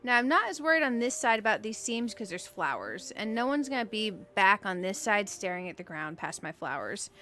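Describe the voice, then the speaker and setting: A woman's voice: medium pitch, big pitch swings, brisk, hardly any pauses, sharp tone, soft background music. A woman streaming a game, chatting casually, giggling often and greeting viewers by name. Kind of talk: casual live-stream chat while playing.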